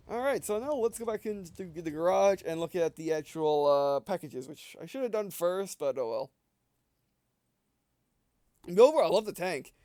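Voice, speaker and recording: Breathless man with a high, smooth voice. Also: dark tone, no room sound. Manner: rambling, often restarting and correcting himself. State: short of breath. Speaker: gaming video creator. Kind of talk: casual gameplay commentary.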